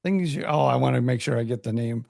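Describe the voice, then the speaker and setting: A man co-hosting a podcast in casual chat, telling stories in a halting way and repeating words as he goes. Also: medium pitch, gravelly, darkish tone, dry recording, studio quality. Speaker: podcast co-host.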